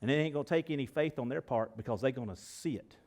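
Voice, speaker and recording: A man preaching a sermon to his congregation in a church. He talks in a folksy, animated way, swinging between loud and soft, and often asks the room direct questions. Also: mid-range voice, quick pace. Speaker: pastor. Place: church sanctuary.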